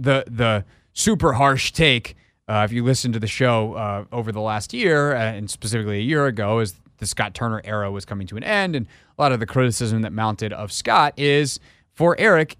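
A man's voice: medium pitch, fairly bright tone, dry recording. A man hosting a sports talk radio show from a studio, giving blunt opinions in a loose, conversational way. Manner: opinionated, conversational, thinks aloud with fillers.

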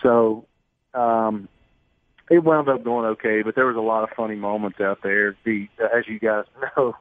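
A man's voice: on the low side, fairly even intonation, moderate pace, no room sound. A man, a sportscaster guest telling self-deprecating stories in a phone-in radio interview. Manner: storytelling, self-deprecating, chatty. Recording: tinny phone line.

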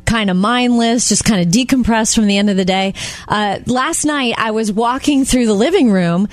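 A woman's voice: fairly high pitch, dry recording. Chatty woman co-host, dry sound. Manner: chatty storyteller, laughs easily. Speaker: radio co-host. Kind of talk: casual chat.

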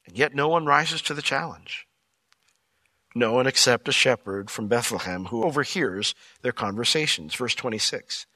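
A man preaching with a bright, forceful tone and a voice that leaps up and down in pitch. He acts out the characters' words as he teaches a Bible passage. The sound is dry and close. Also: normal speed, no room sound. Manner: animated, acts out quoted lines in character. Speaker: pastor. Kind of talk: expository sermon.

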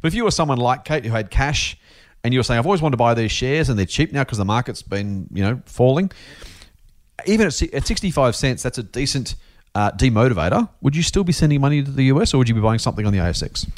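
Fast-talking Australian man hosting. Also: mid-range voice, expressive. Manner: chatty, enthusiastic, reads listener questions aloud. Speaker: podcast co-host. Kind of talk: casual investing podcast chat.

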